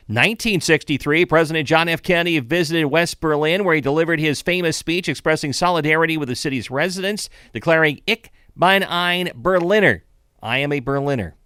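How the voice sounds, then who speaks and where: Older man, radio host, bright tone, dry studio sound, chatty asides. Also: on the high side, clean tone, no echo. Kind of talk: morning radio show monologue.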